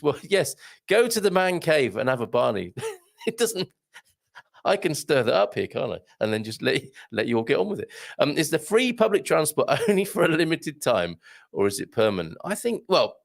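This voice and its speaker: This is casual live-stream talk from a middle-aged British host who reads out viewer comments with dry humor, lots of ums, and side remarks. He speaks at a medium pitch with a gravelly texture.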